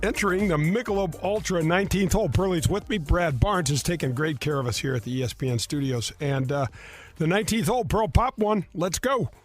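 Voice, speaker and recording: A man hosting a radio golf show from a studio, telling stories in a casual, animated way, laughing often and acting out what others said. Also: on the high side, a little fast, soft background music. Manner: animated storyteller, laughs often, acts out quotes.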